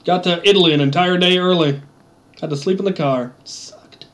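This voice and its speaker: A man's voice: high-pitched, fairly quick, fairly bright tone. A man chatting casually while gaming, telling rambling stories with a wry, offhand manner. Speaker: streamer.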